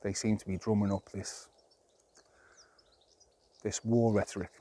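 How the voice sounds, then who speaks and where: A man's voice: lowish voice, level tone, unhurried, dark tone, no echo. A man talking to camera outdoors in a rambling, plain-spoken, exasperated monologue of his opinions. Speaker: vlogger.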